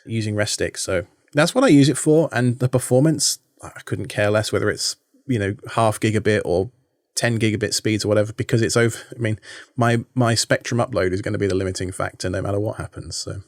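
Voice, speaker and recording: A man's voice: on the low side, a little fast, dry recording, studio quality. A man in his thirties with a British accent, chatting casually as a podcast guest with self-deprecating asides.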